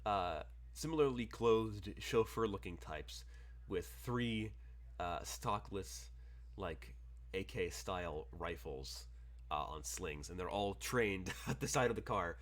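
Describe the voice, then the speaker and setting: A man's voice: low-pitched, lively intonation, takes it slowly. A man narrating as game master, rambling with many fillers and chuckles.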